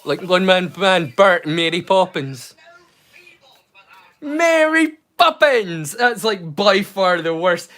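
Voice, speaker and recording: Man with a high voice, livestream host; chatty, excitable, stop-start delivery with a hidden stammer. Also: measured pace, few pauses. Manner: hesitant, many fillers and restarts; mild stammer he keeps hidden. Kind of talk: casual livestream chat.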